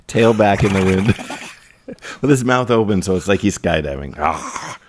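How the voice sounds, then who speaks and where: Brief: very deep male podcast co-host, dry wisecracks. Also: lively intonation, normal speed. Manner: dry quips, corrects his partner. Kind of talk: casual chat.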